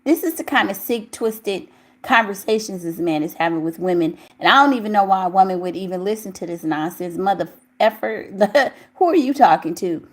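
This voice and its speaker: A woman's voice: mid-range voice, lively intonation, brisk. Outspoken woman reacting to gossip news. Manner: outspoken, incredulous, exclaims loudly. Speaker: celebrity gossip commentator. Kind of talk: reading news aloud and reacting.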